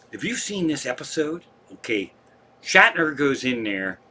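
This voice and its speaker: A man's voice: mid-range voice, sharp tone, slight background noise. A man hosting a comedy live stream from home, telling rambling, profane stories in casual chat.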